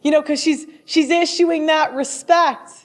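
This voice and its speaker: Blunt high-voiced woman commentator. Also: steady tone, a little slow. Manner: blunt, laughs often, restarts sentences. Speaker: host. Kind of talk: opinionated casual commentary.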